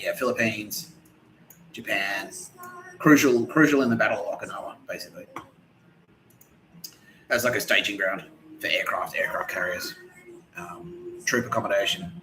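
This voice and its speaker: A man's voice: on the low side, sharp tone, slight background noise, poor audio. A man hosting a podcast in a profane, rambling comedic rant, full of restarts. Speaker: podcast host. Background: music.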